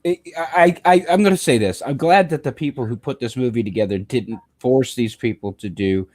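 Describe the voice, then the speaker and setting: A man's voice: mid-range voice, moderate pace, a little mellow. A man as a guest on a casual movie review chat, hesitant with many ums and false starts.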